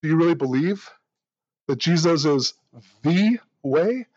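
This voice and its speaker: A man's voice: a little high, lively intonation, unhurried, a little mellow, dry recording, muffled recording. A man preaching a sermon in an earnest way, often repeating the first word of a phrase. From United States. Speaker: pastor.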